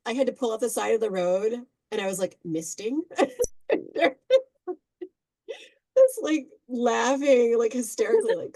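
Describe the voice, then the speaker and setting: A middle-aged woman chatting as a podcast guest, spinning family anecdotes with lively swings in her voice and bursts of laughter. She sounds close and dry, with no room around her. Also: fairly high pitch, dry recording, poor audio. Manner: animated, laughing storyteller. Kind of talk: casual storytelling.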